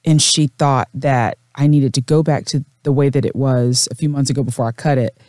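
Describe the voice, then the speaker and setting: A woman's voice: very deep voice, fairly even intonation, a little fast, a little mellow, no echo, studio quality. A woman news anchor as a podcast guest, speaking earnestly and expressively in casual chat.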